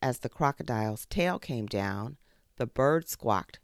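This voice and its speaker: A podcast host reading a children's fable aloud, expressive and with spoken sound effects. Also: medium pitch, measured pace, no echo, clean studio sound. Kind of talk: storybook narration for children.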